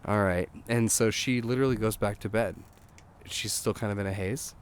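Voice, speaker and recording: A man, a songwriter guest, telling a rambling anecdote in a casual, animated way, swearing and acting out what people said. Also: on the low side, normal speed, a little hiss or hum. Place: outdoors.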